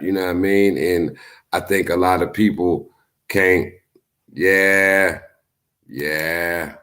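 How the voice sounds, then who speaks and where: A man talking casually to his livestream viewers, telling stories in a loose, profane way and acting out what other people said. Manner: animated storytelling, acts out quotes in high voices; profane, laid-back. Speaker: YouTube streamer. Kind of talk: casual live-stream commentary.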